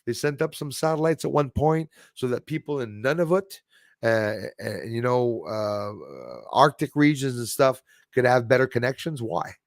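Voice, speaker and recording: Guy rambling on a livestream, gravelly voice, dry close sound. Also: medium pitch, expressive, moderate pace, no room sound. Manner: rambling, reads viewer comments aloud. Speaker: livestream host. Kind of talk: casual live chat.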